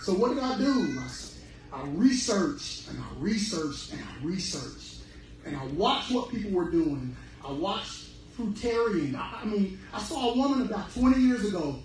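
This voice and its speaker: Echoey animated man preaching health. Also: sits high, moderate pace, slight background noise. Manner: preachy and animated, acts out voices. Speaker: speaker on fruitarian health. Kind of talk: sermon-style health talk. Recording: very echoey room, from far off.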